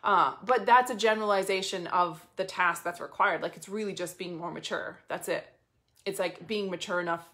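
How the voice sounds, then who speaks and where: Potty-mouthed lady coach ranting to her followers, blunt and lively. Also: mid-range voice. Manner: blunt, heavy swearing, animated. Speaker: business coach. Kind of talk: casual motivational talk to viewers.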